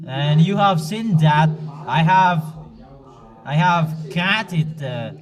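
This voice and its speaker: Slow, high-voiced male preacher. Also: expressive. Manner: halting, with frequent pauses and restarts; admonishing the congregation directly. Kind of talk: sermon.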